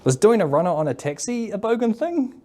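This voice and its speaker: A man's voice: high voice, sing-song, a little fast, warm tone. A man with a New Zealand accent, a mental health worker talking casually in an interview, rambling with lots of fillers and tag questions. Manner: rambling, full of fillers and "eh?" tags.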